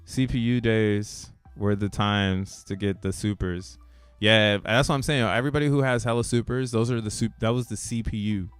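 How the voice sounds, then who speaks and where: Slangy man with a smooth, low voice. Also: fairly even intonation, moderate pace, hardly any pauses, no room sound, soft background music. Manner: slangy and loose, laughs between points; rambling, restarts thoughts mid-sentence. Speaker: crypto channel host. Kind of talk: casual commentary on a chart.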